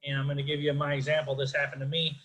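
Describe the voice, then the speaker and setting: This middle-aged Chicago comic performs stand-up over a video call, his somewhat high voice bright and ringing. He talks rapid-fire in a completely flat delivery, yet rambles in a chatty, self-mocking way with lots of filler words padding the jokes. The audio is poor.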